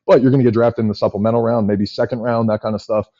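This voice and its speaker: A man in his thirties, a former pitcher and podcast guest, telling long stories quickly with many fillers. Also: no echo. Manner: rapid, animated storyteller with many fillers. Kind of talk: casual storytelling chat. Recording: dull lo-fi podcast audio.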